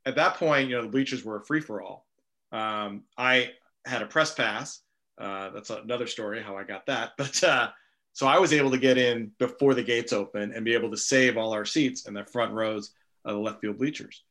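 Bright-voiced man telling stories. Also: mid-range voice, moderate pace. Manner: storytelling, animated anecdotes. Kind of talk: casual conversation.

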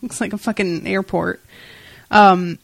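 A woman co-hosting a casual comic-book podcast, recapping a story in an animated way with frequent swearing and laughter. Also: medium pitch, a little slow, gravelly, no room sound. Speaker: podcast co-host.

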